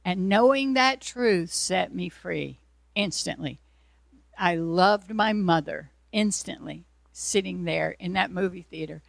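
A woman tells a personal testimony in an earnest, emotional voice with a gravelly edge of fry. She acts out the lines of dialogue as she recounts them. The recording is dry and close, with no room sound. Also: on the low side, slow pace, no room sound.

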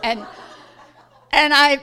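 A woman from South Georgia, telling a personal story in casual talk, animated and acting out the voices of the people in it. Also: sits high, drawn-out words. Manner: animated, acts out quoted voices loudly, laughs while telling. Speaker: guest telling a testimony.

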